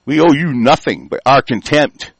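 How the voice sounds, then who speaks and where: A man from the United States delivering an angry, profane political rant, swinging from loud outbursts to low muttering. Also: animated, moderate pace, vocal fry, breathy edge, dry recording, rough recording.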